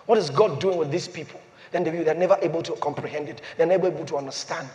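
A man preaching a sermon as pastor, repeating phrases and swinging from loud declarations to hushed, slow emphasis. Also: fairly high pitch. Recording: long hall reverb.

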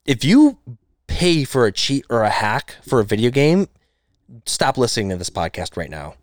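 A man's voice: mid-range voice, big pitch swings, moderate pace, no room sound, clean studio sound. A young man hosting a casual gaming podcast, ranting emphatically and swearing a lot. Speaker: podcast host.

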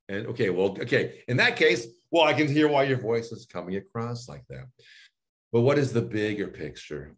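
A man's voice: medium pitch, normal speed. A male voice and speech coach in an interview, explaining his sessions and acting out both himself and his client. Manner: animated, acts out both sides of a coaching dialogue.

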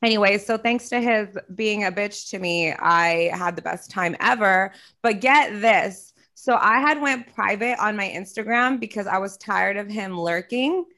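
A young woman in casual chat, telling a story with animated quoting and frequent swearing. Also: mid-range voice, measured pace, few pauses.

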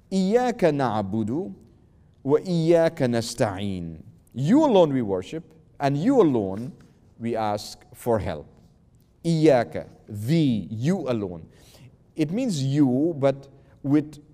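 A man's voice: medium pitch, warm tone, big-room sound. A man giving a patient religious lesson. He recites verses, translates them and explains each word, often repeating himself and restarting with "uh". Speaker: religious teacher.

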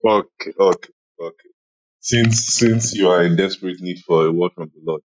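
A man's voice: sits low, moderate pace, a little hiss or hum, low-quality recording. A man in a casual online audio room discussion, chatty and laughing, with many "you know"s. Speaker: Clubhouse room speaker.

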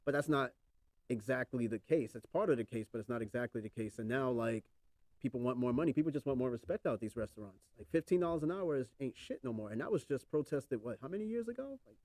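A male podcast host talking quickly in a loose, profane, rambling way. His voice is dark and mellow, and the recording is dry and close. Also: mid-range voice, animated, no echo. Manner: casual, profane, rambling with fillers. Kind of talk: casual chat.

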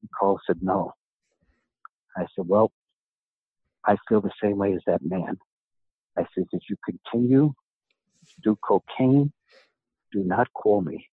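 Husky man telling a story on a tinny line. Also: lowish voice, measured pace, long pauses, no echo. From New York. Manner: animated storyteller, acts out quoted dialogue. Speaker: guest, author and gym owner. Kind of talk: storytelling in a podcast interview. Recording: tinny phone-like sound.

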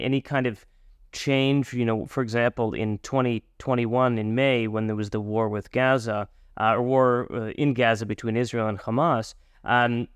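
A man's voice: medium pitch, smooth, no room sound. A male interview host from North America asking a guest long questions with frequent restarts.

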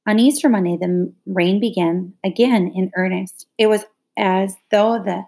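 A woman narrates a children's novel in a steady, measured storytelling voice. Her pitch sits in an ordinary middle range, and a noticeable vocal fry roughens her phrases. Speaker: audiobook reader. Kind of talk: reading a novel aloud.

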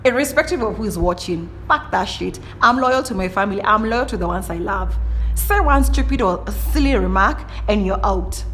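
With slight background noise, a young woman hosting a podcast delivers a casual monologue in a medium-pitched, fairly bright voice with lively intonation at a moderate pace. Blunt and highly animated, she keeps restarting sentences and throwing in playful exclamations.

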